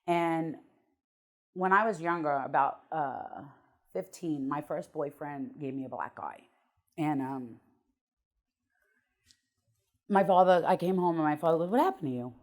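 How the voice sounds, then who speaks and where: A woman's voice: low-pitched, a little slow, pauses often. A middle-aged woman, a guest on an interview show, telling her life story bluntly and emotionally, with some swearing.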